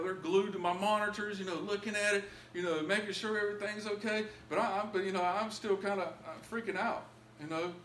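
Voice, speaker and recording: A man telling his own story as a testimony in a church, emotional and pleading at its high points. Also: fairly bright tone, roomy sound, a little hiss or hum. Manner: emotional, rising to pleading highs. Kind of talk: testimony sermon.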